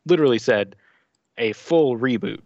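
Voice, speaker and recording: A man hosts a casual gaming news chat, easygoing and quick to laugh. His voice sits at an ordinary pitch in a dry, dull-sounding lo-fi recording. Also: no echo. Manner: relaxed, laughs often, reads press releases aloud. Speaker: podcast host.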